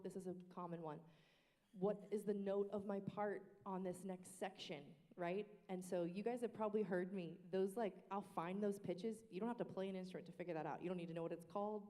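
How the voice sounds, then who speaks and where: A woman in a casual panel discussion on worship team practice, talking in an animated way and now and then singing short phrases to demonstrate. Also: mid-range voice, fairly quick. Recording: reverberant room.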